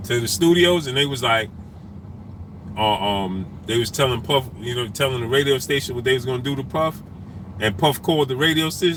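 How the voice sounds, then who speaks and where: A man hosting a boxing talk stream, repeating himself emphatically and shouting out viewers by name. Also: on the high side, slight background noise, low-quality recording. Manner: animated, repetitive, emphatic street talk. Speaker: boxing talk show host.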